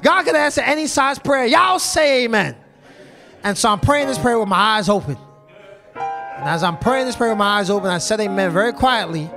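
High-voiced male preacher calling out to the congregation. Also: lively intonation, moderate pace, creaky, over music. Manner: call-and-response, repeatedly asks the congregation "y'all". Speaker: pastor. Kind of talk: storytelling sermon.

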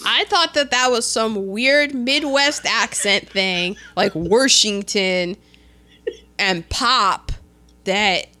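A woman's voice: on the high side, slow pace. A young woman co-hosting a podcast, chatting casually as she recaps a film, laughing often and acting out the characters' lines. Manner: animated, laughs often, acts out quotes. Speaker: podcast co-host.

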